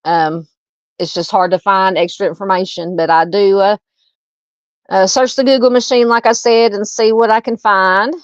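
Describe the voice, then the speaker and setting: A woman's voice: mid-range voice, steady tone, normal speed, smooth, no echo, lo-fi sound. Chatty Southern woman hosting a livestream. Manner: chatty, warm to viewers, frequent fillers and laughs. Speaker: true crime livestream host. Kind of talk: casual livestream chat reading comments.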